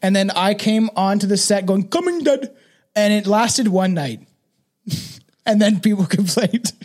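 A man's voice: high-pitched, steady tone, unhurried, a little mellow. A man in his thirties from Canada, hosting a podcast as casual chat, rambling through stories with lots of fillers and laughs. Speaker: podcast host.

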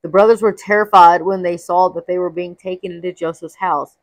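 A woman's voice: on the low side, steady tone, a little fast, no room sound. A woman narrating a Bible story aloud, reading expressively and acting out the quoted lines. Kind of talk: read-aloud scripture storytelling.

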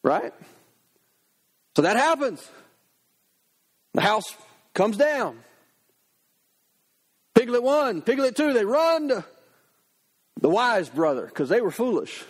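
High-voiced man preaching conversationally. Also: slow pace, pauses often, husky. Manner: lively, conversational storytelling. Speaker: pastor. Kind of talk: sermon.

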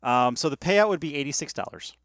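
A man co-hosting a casual sports betting podcast, talking hesitantly with many fillers and soft laughs. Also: fairly high pitch, animated, fairly quick, no room sound. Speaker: podcast co-host.

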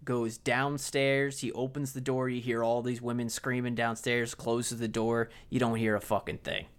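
A man in a relaxed movie-review chat, talking at an ordinary middle pitch. He recaps scenes in an animated way and drops into quick impressions of the characters, swearing freely as he goes. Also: smooth. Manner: animated retelling, acting out lines with swearing. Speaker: podcast co-host.

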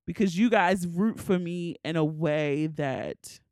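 A woman's voice: on the low side, slow pace, a little mellow, no echo, studio quality. A woman hosting a solo podcast, crying as she speaks candidly and swears casually. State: tearful, crying. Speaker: podcast host.

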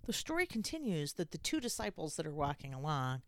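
A woman giving a casual scripture lesson in a conversational, halting way with many restarts. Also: low voice, sing-song, dry recording, studio quality. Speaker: scripture teacher.

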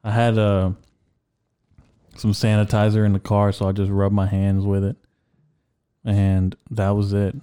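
A man's voice: fairly low pitch, monotone, unhurried, pauses often, dark tone, smooth. A young man in casual podcast chat, telling long crude stories full of swearing and filler words. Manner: crude, rambling storyteller, swears a lot. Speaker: podcast co-host.

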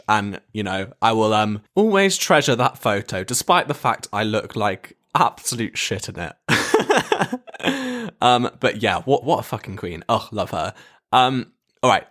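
A young English man in his twenties telling a casual story to camera, animated, laughing often and swearing freely. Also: mid-range voice, measured pace. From England. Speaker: vlogger.

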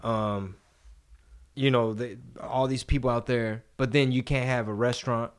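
A male podcast host in loose, unscripted conversation. He rambles from story to story at a middling pitch and swears freely along the way. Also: unhurried, clean tone. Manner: rambling, profane, animated storytelling. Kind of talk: casual podcast chat.

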